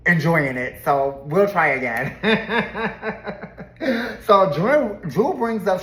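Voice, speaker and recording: A woman gives a casual, gossipy recap of a reality TV episode, chatting, laughing often, and slipping into quoted voices. Her voice is fairly low, expressive, a bit bright, and extremely slow, with a roomy echo in the recording.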